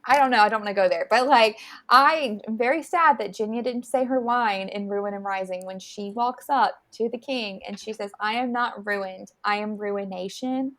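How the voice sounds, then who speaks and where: A young woman co-hosting a podcast in casual chat, excitable and gushing, laughing often as she talks. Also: on the high side, moderate pace. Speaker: podcast co-host.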